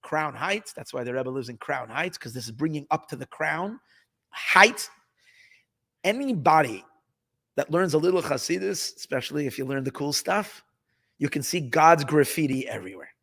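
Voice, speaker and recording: A man teaching a Hasidic text as a rabbi, excitable and emphatic, repeating phrases and mixing in Hebrew terms. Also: fairly high pitch, normal speed, gravelly, husky. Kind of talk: animated Torah class. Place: study hall.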